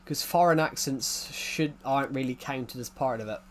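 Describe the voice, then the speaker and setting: A man's voice: mid-range voice, moderate pace, very noisy. A man with an English accent rambling in casual chat as a gaming YouTuber, often restarting his sentences. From United Kingdom. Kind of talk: casual chat while playing a game.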